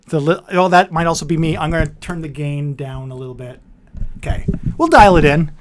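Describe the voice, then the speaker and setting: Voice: medium pitch, a little fast, a little hiss or hum. A livestream host of a board game show, chatting casually and rambling with frequent self-corrections. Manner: says their voice turns nasal on camera.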